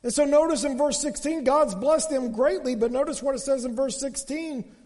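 A man with a strikingly high voice delivers a sermon, leaning on repeated starts like "and, and" as he builds each point. His words trail off into a long reverb that fills a big hall. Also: normal speed, darkish tone. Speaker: pastor.

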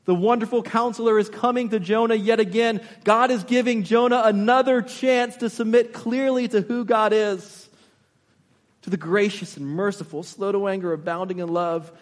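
A man with a notably high voice delivers an impassioned sermon. He keeps turning to his congregation with rhetorical questions. His words ring out with the long reverb of a large church hall. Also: steady tone, moderate pace. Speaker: pastor.

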